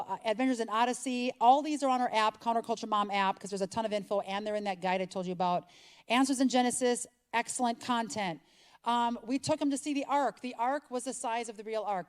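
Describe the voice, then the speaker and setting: Chatty, animated woman speaker. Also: a little high. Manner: chatty, animated, acts out little dialogues. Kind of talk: conference talk.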